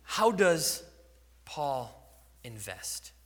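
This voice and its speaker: A man's voice: mid-range voice, big pitch swings, extremely slow, big-room sound. A man preaching a sermon, acting out little dialogues and chuckling now and then. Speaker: pastor.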